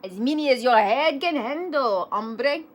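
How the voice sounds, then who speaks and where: A woman voicing an excitable young male Siamese kitten who believes he is a chihuahua, bouncy and sing-song with playful mock Spanish flourishes. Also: high voice, unhurried, voice pushed up, heavily acted. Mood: boastful.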